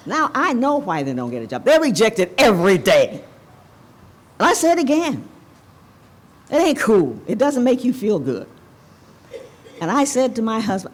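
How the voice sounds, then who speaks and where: An older woman from Evanston, Illinois, giving a commencement speech, telling a personal story in a candid, animated way. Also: on the high side, normal speed, long pauses. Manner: candid, animated storyteller, talks straight to the audience. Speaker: commencement speaker. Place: banquet hall ceremony.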